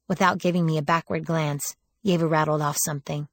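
A woman's voice: low voice, steady tone, brisk, no room sound. A woman reading a first-person audiobook in a wry, sardonic storytelling manner, lifting her voice for quoted lines. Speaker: audiobook narrator.

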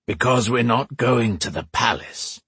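A man's voice: medium pitch, a little slow, fairly bright tone, breathy edge, no room sound. A man voicing a teasing, stubborn female dragon in an audiobook, with terse replies.

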